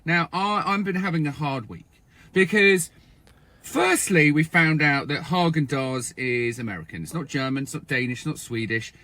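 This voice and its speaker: A man's voice: on the high side, normal speed, sharp tone. A man from England with an English accent, ranting in a comic, exasperated way, with lots of swearing and stammering restarts. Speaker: TikTok creator. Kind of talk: comic rant to camera.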